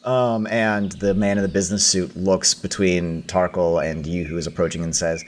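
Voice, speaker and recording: A man's voice: low voice, fairly even intonation, normal speed, few pauses. A man narrating as game master, hesitant and full of fillers.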